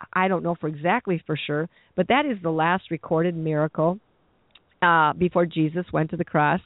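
A preacher delivers an earnest sermon in a mid-range voice, frequently repeating and restarting phrases as his thought builds. The audio is dry and tinny, like a phone, with no room sound.

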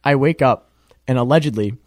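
A man's voice: mid-range voice, a little fast, dry recording, clean studio sound. A young man in casual chat, telling stories with lots of laughter and casual swearing. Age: young adult. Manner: animated, laughing storyteller, swears freely.

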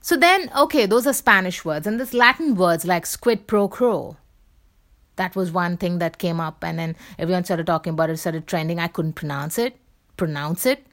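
A woman's voice: lowish voice, expressive, normal speed, a bit bright. A woman vlogger talking casually in a rambling, playful way, full of fillers and restarts.

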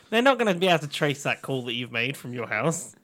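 A man's voice: mid-range voice, big pitch swings, brisk, a bit bright. A man, co-hosting a casual podcast and teasing the others sarcastically. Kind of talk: casual banter.

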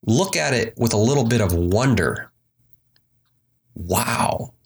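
A man giving a relaxed, conversational motivational talk on mindfulness, slowing down to lead breathing. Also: mid-range voice, gravelly, slightly rough. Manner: relaxed, conversational, slows for emphasis. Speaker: spiritual teacher. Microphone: desk microphone.

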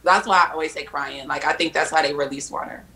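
Bright-voiced, opinionated woman guest. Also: deep voice, steady tone, vocal fry, low-quality recording. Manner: chatty and opinionated, quick to explain her views. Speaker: podcast guest. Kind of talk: casual chat.

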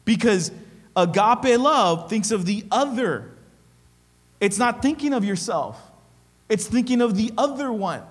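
A man pastor delivering a sermon in a high voice that rises and falls in lively swings. He presses his points hard, repeats phrases and keeps asking his listeners "okay?". The sound carries a long reverb, as from a hall. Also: measured pace, pauses often.

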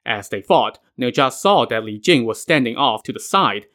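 A man's voice: medium pitch, expressive, moderate pace, fairly bright tone. A man narrating a myth retelling in a casual way, with wry modern asides. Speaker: podcast narrator.

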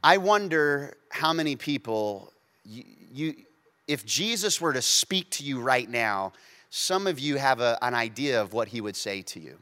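A man preaching a sermon who swings between hushed, intimate moments and loud, emphatic stretches, acting out quotes with playful asides. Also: mid-range voice, animated, measured pace. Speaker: pastor.

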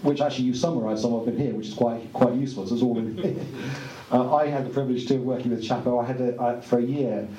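A man giving an earnest, conversational speech at a book launch, pausing with fillers. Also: medium pitch, steady tone, mellow, dull audio. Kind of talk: informal speech to an audience. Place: room at a book launch event. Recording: echoey room, distant mic, faint ambience.

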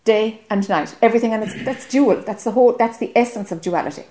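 A woman's voice: a little high, fast talker, dark tone. A woman with an Irish accent giving a spiritual teaching talk to a group, earnest and often checking whether listeners follow.

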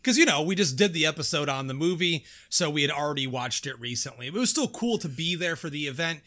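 A man's voice: fairly high pitch, expressive, quick pace, sharp tone. A man co-hosting a horror podcast in casual, profane chat. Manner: laid-back, profane, enthusiastic. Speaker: podcast co-host.

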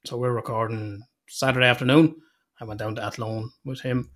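An Irish man hosting a relaxed, laughing chat. He tells stories, drops swear words freely and slips into voices for the people he quotes. His delivery stays loose and chatty. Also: medium pitch, brisk. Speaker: podcast host. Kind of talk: casual chat.

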